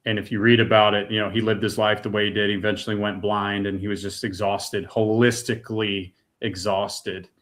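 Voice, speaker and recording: A man's voice: fairly low pitch, little pitch movement, brisk, hardly any pauses, a bit bright. A middle-aged man from the United States giving an emotional personal testimony, earnest and raw, repeating words when moved. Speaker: guest.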